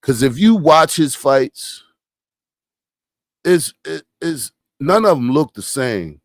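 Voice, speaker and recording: A man's voice: a little high, sing-song, slow pace, dry recording. A man hosting a podcast, giving casual boxing commentary with emphatic rhetorical questions and repeated phrases. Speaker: podcast host.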